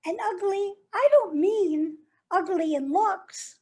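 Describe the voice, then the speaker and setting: A woman playing a bitter, wounded jilted lover, very high-pitched. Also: takes it slowly, a little mellow. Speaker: actor performing a monologue. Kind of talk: stage monologue.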